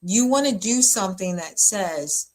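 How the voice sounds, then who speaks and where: A woman's voice: mid-range voice, lively intonation, a little slow. A woman pastor giving easygoing relationship advice in a mid-range voice. She talks in a chatty, emphatic way, with plenty of fillers and asides as she drives her points home. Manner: chatty and emphatic, many fillers, frequent laughs. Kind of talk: casual relationship advice talk.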